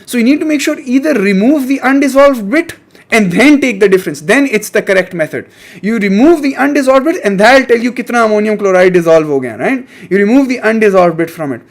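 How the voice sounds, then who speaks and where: Male chemistry tutor, high voice, keeps prodding the class for answers. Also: lively intonation, brisk. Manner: coaxing, repeats questions to students. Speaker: chemistry teacher. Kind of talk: online exam-prep lesson.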